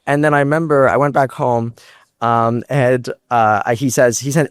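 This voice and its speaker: A young man, a startup founder, telling animated stories on stage and acting out quotes. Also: medium pitch, smooth, dry recording, studio quality. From United States. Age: young adult. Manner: animated, fast storytelling with acted-out quotes. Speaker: startup founder, guest speaker. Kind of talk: storytelling on stage. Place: stage before a large live audience.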